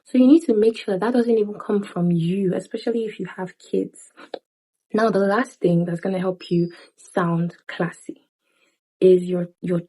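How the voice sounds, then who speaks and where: A woman's voice: medium pitch, mellow, husky, low-quality recording. A young woman talking casually to camera, giving chatty advice with playful asides and frequent laughs. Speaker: lifestyle vlogger.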